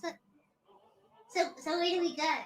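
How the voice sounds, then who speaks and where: A performer voicing a sassy little girl puppet with yellow hair who complains and bosses the hosts around. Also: very high-pitched, fairly even intonation, moderate pace. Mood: unimpressed. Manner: grumpy, complaining, bossy.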